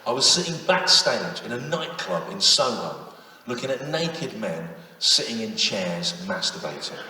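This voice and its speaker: A man's voice: lowish voice, big pitch swings, measured pace, a little hiss or hum. A man in his fifties doing a live stand-up routine, sardonic and self-mocking, leaning on tag questions. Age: 50s. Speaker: stand-up comedian. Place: large theatre on stage. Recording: distant echoey hall with loud audience.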